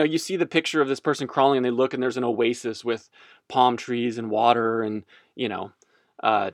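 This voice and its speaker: A man in a casual, joking teaching talk, his pitch jumping all over. The sound is dry and close with no room at all. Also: no echo. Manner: rambling, jokey, animated. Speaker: speaker on faith.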